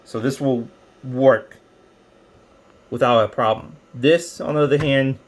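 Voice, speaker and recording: A man's voice: medium pitch, fairly even intonation, unhurried. A man giving a casual, rambling product review, explaining with many fillers and restarts. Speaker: tech reviewer.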